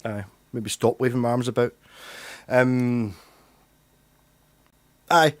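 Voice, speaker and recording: A middle-aged man hosts a casual livestream, chatting loosely with viewers, rambling and swearing freely. His voice is medium-pitched and slow, with no echo.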